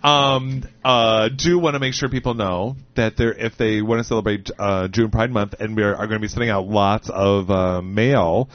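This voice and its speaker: A man's voice: fairly low pitch, steady tone, moderate pace, few pauses, no room sound, lo-fi sound. A male talk show host chatting casually, hesitating often. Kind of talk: casual chat.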